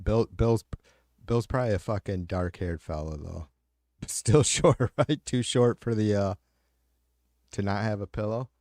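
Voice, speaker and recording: A middle-aged man hosts a livestream and swears freely as he rambles through answers to his chat. His voice sits fairly low, with a warm, mellow tone. The sound is dry and close. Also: a little slow, pauses often, dry recording. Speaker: livestream host. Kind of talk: casual chat with viewers.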